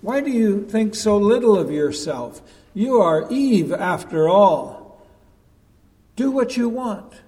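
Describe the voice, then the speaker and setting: Preacher doing a coaxing devil, crafty, talks slow, echoey church sound. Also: male voice, sits high, sing-song, mellow, voice pushed up, exaggerated voice. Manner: coaxing, insistent. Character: the devil, a crafty wheedling male tempter. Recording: long echo of a large hall.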